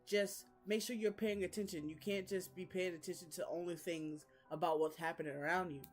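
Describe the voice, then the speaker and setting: A woman voicing a caring teenage girl who calmly reassures and protects a boy. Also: on the low side, brisk, soft background music, close to an everyday voice. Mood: reassuring.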